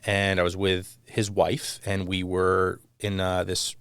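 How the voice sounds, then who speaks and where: A man in his thirties, a mortgage company executive, guests on an interview show and chats casually in a deep, slow, smooth voice. He tells lively, self-deprecating stories and sometimes trails off hunting for a name. The studio sound is clean with no echo.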